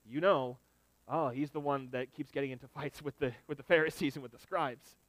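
Male preacher, fairly high voice, emphatic sermon delivery, dry close recording. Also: no room sound, low-quality recording. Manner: emphatic, swings between loud build-ups and quiet asides.

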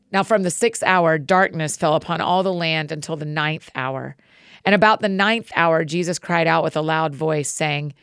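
Low gravelly woman reading scripture. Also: no echo, clean studio sound. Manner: measured, steady reading. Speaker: Bible reader.

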